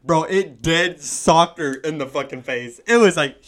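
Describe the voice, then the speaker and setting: A man's voice: a little high, measured pace, a crowd in the background. A young man casually telling a story to a friend, slangy and profane, calling people bro and laughing as he goes. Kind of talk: casual chat.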